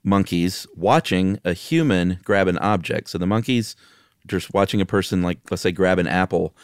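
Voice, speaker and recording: A man co-hosting a podcast, chatting casually in a relaxed, jokey way. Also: sits low, clear, resonant tone, no echo, studio quality. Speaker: podcast co-host. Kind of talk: casual chat.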